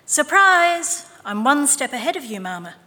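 A woman voicing an eager, excited little village boy who blurts his lines in a bouncy, high voice. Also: moderate pace, in a large hall, full character voice.

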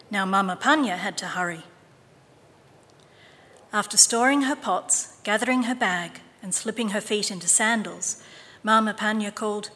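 A woman reading scripture and a picture book aloud in a clear, measured manner. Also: mid-range voice, a bit bright, in a large hall. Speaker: reader.

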